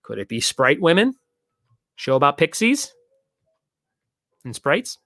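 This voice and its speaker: A man's voice: fairly high pitch, sing-song, slow, a bit bright, no room sound, studio quality. A young man hosting a casual live-stream trivia show, joking and rambling as he reads out viewer comments.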